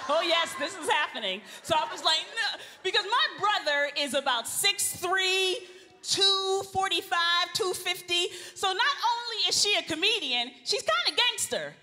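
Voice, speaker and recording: Lively woman storyteller at a live event, high and bright, laughing with the crowd. Reverberant hall. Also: moderate pace. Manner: animated, laughing, addresses the crowd. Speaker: speaker at a women's event. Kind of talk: comic storytelling to a live audience. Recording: live hall with long reverb, faint ambience.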